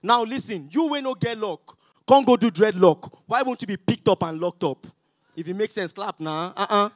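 A young Nigerian man with a Nigerian accent doing a stand-up comedy set on an auditorium stage, loud, pleading and mock-outraged with the crowd. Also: high voice, lively intonation, normal speed, no room sound. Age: young adult.

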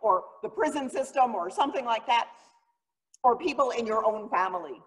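A woman's voice: a little high, lively intonation, normal speed. A woman pastor giving a sermon, telling the story in an earnest, dramatic way. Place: church sanctuary. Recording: long reverb of a church hall.

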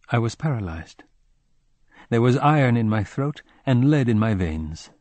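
A man narrating a literary audiobook in a measured, somber first-person reading. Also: medium pitch, lively intonation, darkish tone, no echo.

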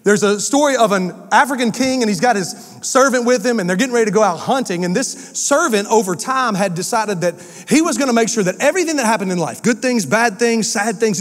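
Pastor, male, high voice, lively storytelling sermon delivery, church hall with long reverb. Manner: energetic storytelling preacher. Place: church sanctuary.

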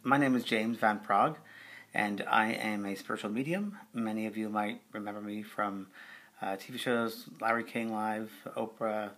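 A man's voice: on the low side, fairly even intonation, moderate pace, fairly bright tone. Middle-aged man telling a story. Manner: conversational, with fillers, acting out quoted voices. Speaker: spiritual medium. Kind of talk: video testimonial storytelling.

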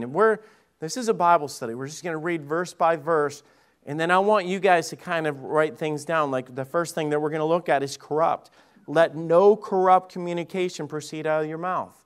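Male pastor, high-pitched, casual storytelling sermon with emphatic peaks. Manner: chatty storytelling with jokes, rising to emphatic preaching. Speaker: lead pastor. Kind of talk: conversational Bible-study sermon.

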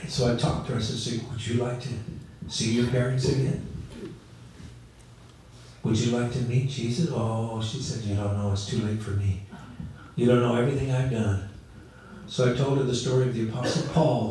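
Middle-aged male pastor, storytelling sermon, dark tone, distant mic in a reverberant room. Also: mid-range voice, slight background noise. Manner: conversational storytelling, acts out quoted voices. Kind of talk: sermon with personal stories.

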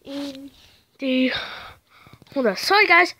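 High squeaky woman gamer, yelps and hums along, noisy recording. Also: slow, pushed and bright. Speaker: gameplay narrator. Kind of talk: excited gameplay commentary.

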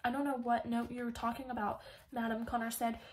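A woman narrates an audiobook in a slightly high voice. Her intonation stays fairly even and does not swing much. She voices every character's dialogue herself and now and then stumbles and restarts a word. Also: fairly quick, low-quality recording. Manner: reads all the characters' dialogue in her own voice; occasional slips and restarts. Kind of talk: audiobook reading.

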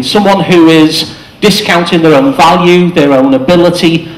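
A man giving a short, chatty talk to an audience in a cafe, explaining ideas and acting out quoted lines. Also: fairly high pitch. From England. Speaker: speaker. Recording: echoey room.

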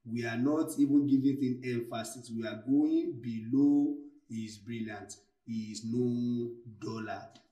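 A man teaching a literature lesson, who speaks slowly and repeats key phrases and examples. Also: medium pitch, a little mellow, recorded from a distance. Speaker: literature tutor. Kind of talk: recorded lesson. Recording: echoey room, voice from afar.

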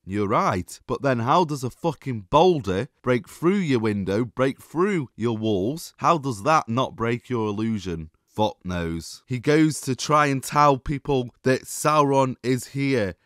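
A man's voice: mid-range voice, lively intonation, a little slow, hardly any pauses, fairly bright tone, no echo, clean studio sound. A man giving a sarcastic, exasperated review monologue, swearing often as he rants. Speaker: TV show reviewer.

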